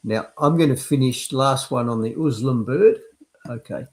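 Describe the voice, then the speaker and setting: A man's voice: medium pitch, moderate pace. A man from Australia hosting a news commentary podcast, talking in a conversational, reflective way. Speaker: podcast host.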